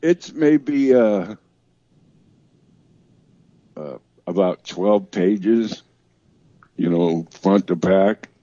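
A man explaining things in a halting, plainspoken way, often restarting his sentences. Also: low-pitched, expressive, mellow, dry recording, highs cut off. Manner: halting, repeats himself, plainspoken.

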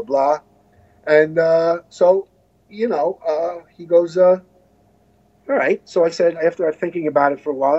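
A man's voice: a little high, warm tone, muffled recording. An American man telling a long story as an interview guest, rambling with many restarts and asides. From United States. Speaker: guest musician.

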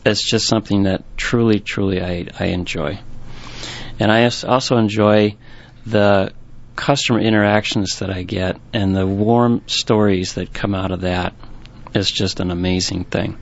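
Halting, low-voiced man telling shop stories. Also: fairly even intonation, vocal fry. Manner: rambling, halting, with many restarts. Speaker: bookstore owner. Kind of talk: storytelling interview. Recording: dull, lo-fi recording.

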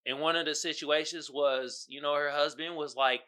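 A male podcast host giving casual, slangy commentary, animated and often asking "you feel me". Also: a little high, moderate pace, hardly any pauses. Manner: animated, acts out quotes loudly.

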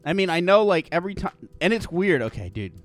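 A man's voice: sits high, big pitch swings, fast talker. A man co-hosting a podcast, telling crude stories in casual chat, swearing freely and slipping into jokey voices. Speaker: podcast co-host. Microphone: studio mic with headphones.

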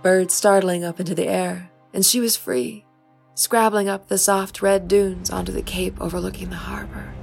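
A woman narrating her own fantasy story in a measured, expressive storybook reading. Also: medium pitch, creaky, soft background music. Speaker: author and narrator.

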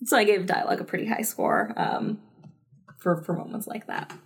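A woman's voice: lowish voice, sing-song, moderate pace, gravelly, breathy edge. A woman in her thirties co-hosting a podcast, chatting casually about a TV episode with lots of fillers and laughter. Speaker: podcast co-host. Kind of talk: casual chat reviewing a TV episode.

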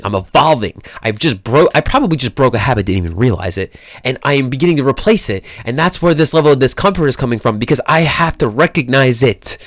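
A man's voice: mid-range voice, no echo, studio quality. A man who works as a fitness coach, giving a blunt motivational talk, swearing often and repeating himself.

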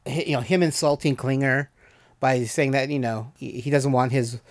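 A man's voice: mid-range voice, steady tone, moderate pace. A man hosting a podcast, talking through a TV episode in casual, rambling chat full of fillers. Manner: rambling, many "you know" fillers. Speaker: podcast host reviewing a TV episode.

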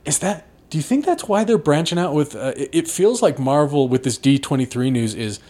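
Brief: man, expressive voice, joking podcast host. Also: fairly high pitch, slightly rough. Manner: playful, questioning, quick with jokes. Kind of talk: casual chat.

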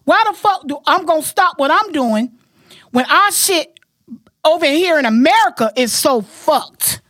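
A woman's voice: high voice, lively intonation, unhurried, a bit bright, no room sound, studio quality. A woman hosting a casual podcast, talking bluntly, profanely and emphatically. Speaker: podcast host.

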